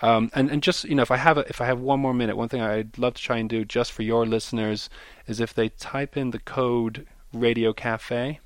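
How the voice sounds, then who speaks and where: A man's voice: medium pitch, fairly even intonation, a little fast, dry recording. A man speaking as a festival organizer in a radio interview, enthusiastic and often repeating words as he searches for them. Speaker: film festival organizer, guest.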